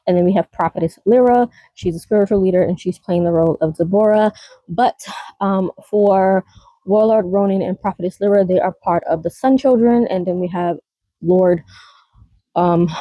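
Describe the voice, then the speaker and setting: A woman chats casually to her vlog audience in a low, mellow voice, rambling from point to point with frequent little laughs. The sound is close and dry, with no room around it. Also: no room sound, rough recording. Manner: rambling, laughs often, many fillers. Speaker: vlogger. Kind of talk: casual chat.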